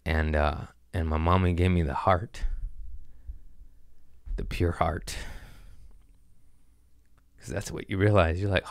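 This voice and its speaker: A man's voice: sits low, steady tone, slow, pauses often, clear, resonant tone, no echo, clean studio sound. A male comedian in casual podcast chat, rambling in a profane, earnest way. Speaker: comedian guest.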